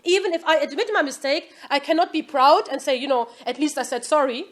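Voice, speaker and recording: High-voiced woman teaching an Islamic class. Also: brisk. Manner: asks the class "Yes?" often, lively quoting. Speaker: religious teacher.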